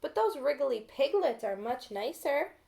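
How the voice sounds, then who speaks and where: A woman voicing a gentle mother hen who longs for babies, in a soft, wistful storybook manner. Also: high voice, very animated, measured pace, gravelly, full character voice.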